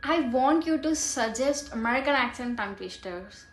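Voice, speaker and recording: A woman vlogger talking casually and practicing pronunciation slowly and deliberately. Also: on the high side, animated. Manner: slow, careful and deliberate while practicing. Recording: echoey room with faint noise.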